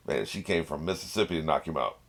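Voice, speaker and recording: A man's voice: rumbling low, gravelly. A man hosting an anime reaction video, chatting casually, laughing often and talking back to the screen. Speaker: anime reaction channel host.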